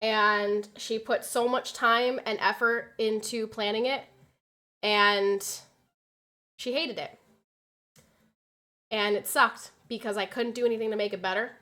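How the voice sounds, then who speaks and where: A young woman streamer telling a story in casual chat, animated and swearing, acting out quotes loudly. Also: a little high, a little slow, long pauses.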